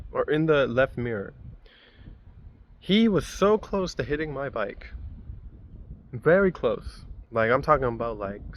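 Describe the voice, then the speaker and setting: Animated young man telling a story. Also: medium pitch. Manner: animated, profane, rambling storytelling. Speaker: vlogger. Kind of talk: casual story time.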